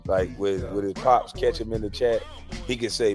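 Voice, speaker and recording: A man's voice: fairly low pitch, steady tone, moderate pace. A man hosting a casual comedic livestream, rambling with lots of fillers and frequent laughter. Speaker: livestream host. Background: faint music in the background.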